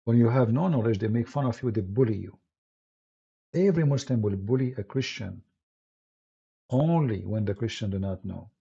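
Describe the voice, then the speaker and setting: A man's voice: medium pitch, normal speed, creaky, long pauses, mellow, slightly rough. A man with an Arabic accent hosting a live stream, speaking as an apologist in an emphatic, combative way with broken phrasing and restarts. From Middle East. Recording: dull lo-fi stream audio.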